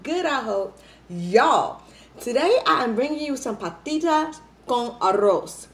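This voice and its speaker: A young adult woman chatting casually to her viewers in an eating vlog, lively and playful, wired up on coffee. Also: sits high, measured pace. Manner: lively, chatty, playful, says y'all a lot. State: hyped up on coffee. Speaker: mukbang vlogger.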